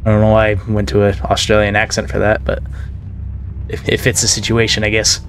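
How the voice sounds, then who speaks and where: A man's voice: lowish voice, monotone, a little fast, a bit bright, slight background noise. A man commentating on his own gameplay in a casual let's-play, joking and exclaiming at scares. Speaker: gaming video host.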